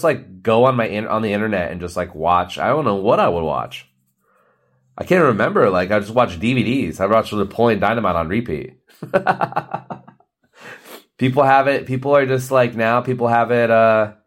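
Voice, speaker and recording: A man in his thirties hosting a podcast, rambling through a comedic rant, laughing often and jumping into high-pitched exclamations. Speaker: podcast host.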